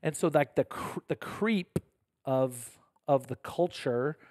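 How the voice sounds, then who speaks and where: A man's voice: fairly high pitch, slow pace, darkish tone, no room sound, studio quality. A man, a parish pastor hosting a casual podcast conversation, speaking earnestly with frequent restarts and self-corrections.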